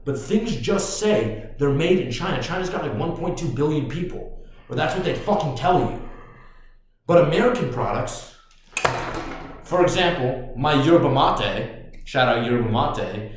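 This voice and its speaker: A man hosting a podcast, ranting casually in a profane, excitable way. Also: a little high. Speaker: podcast host. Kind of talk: casual rant. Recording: very echoey room.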